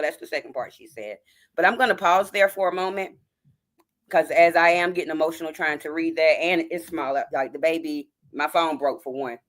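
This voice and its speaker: A woman hosting a livestream, reading a post aloud haltingly with frequent throat clearing and restarts. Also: sits low, fairly bright tone. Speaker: livestream host.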